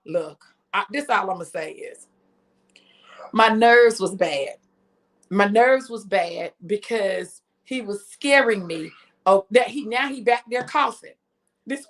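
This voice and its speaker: A woman in her fifties hosting a live stream, telling a family story in a chatty, animated way and talking straight to her viewers. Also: a little high. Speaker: host.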